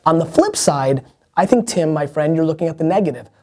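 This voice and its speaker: A man's voice: a little high, expressive, brisk, darkish tone. A man in his thirties hosting an advice show, answering viewer questions in a brash, blunt and emphatic way.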